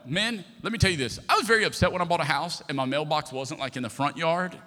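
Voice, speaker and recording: A man's voice: high voice, fairly quick. A man from Texas preaching a sermon as a pastor, telling a story and acting out the dialogue in it. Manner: animated storyteller, acts out dialogue. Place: large church hall. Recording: long reverb of a big church hall.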